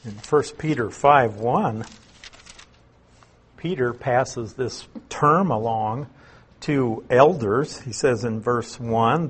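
An elder with a husky, medium-pitched voice teaches through a Bible passage verse by verse at an unhurried pace. He explains words and repeats key phrases for emphasis.

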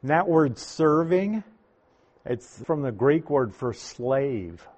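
A man preaching a sermon, teaching through a Bible passage verse by verse in a deliberate, emphatic way. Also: medium pitch, animated, a little mellow.

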